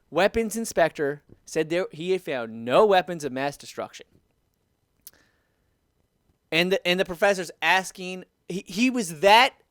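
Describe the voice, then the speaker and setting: A man's voice: high-pitched, a bit bright, no room sound. A man in his thirties delivers a heated political rant. He repeats points, restarts sentences and swears as his frustration builds. The recording is dry and close. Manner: heated, repetitive, restarts and swears when riled. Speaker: video commentator. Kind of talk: ranting political commentary.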